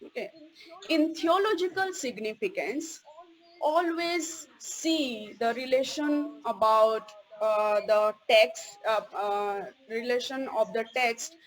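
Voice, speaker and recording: A woman's voice: on the high side, slow, rough recording. A woman giving a recorded theology course lecture, stressing key words and checking in with "okay?" after each point.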